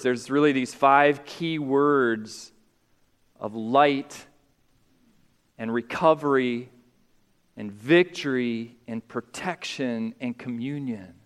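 A male pastor preaching a sermon, climbing to loud, high emphatic peaks and then dropping quiet. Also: slow pace, clean tone. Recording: long hall reverb.

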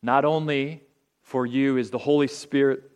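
A man preaching a sermon in an auditorium, earnest and deliberate, letting phrase ends drop softly. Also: medium pitch, steady tone, clean tone. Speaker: pastor.

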